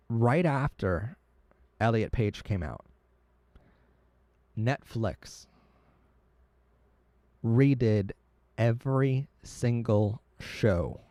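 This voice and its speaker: A man's voice: fairly low pitch, a little mellow, no room sound. A man hosting a live stream, talking earnestly and emotionally, often stumbling and restarting his words. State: tearing up. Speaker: livestream host.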